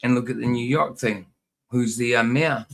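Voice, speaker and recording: A man hosting a podcast in casual chat, laid-back and quick to laugh. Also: mid-range voice, steady tone, vocal fry. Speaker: podcast host.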